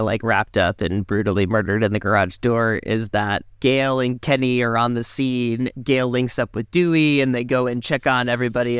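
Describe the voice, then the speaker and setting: Podcast co-host, male, animated casual recap, clean resonant voice, dry sound. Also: clean tone, dry recording. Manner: animated, jumps into high mocking impressions.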